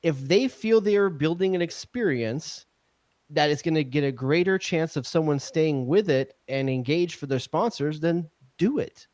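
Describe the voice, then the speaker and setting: A man's voice: on the high side, moderate pace, darkish tone, no echo. A man with an American accent co-hosting a casual soccer show, wisecracking and loose. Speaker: co-host. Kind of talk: casual sports talk show banter.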